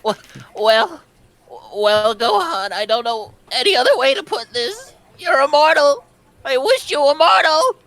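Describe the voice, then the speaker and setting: A woman's voice: sits high, expressive, unhurried, fairly bright tone, heavily acted, rough recording. A woman voicing a timid young alien boy. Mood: hesitant. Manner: earnest, apologetic, tearful pleading. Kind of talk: comedic fan-fiction dramatic reading.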